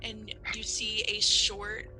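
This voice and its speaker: A woman's voice: mid-range voice, steady tone, a little slow, sharp tone, faint music behind, rough recording. A young woman narrating a tabletop game as game master, chatty, with many fillers.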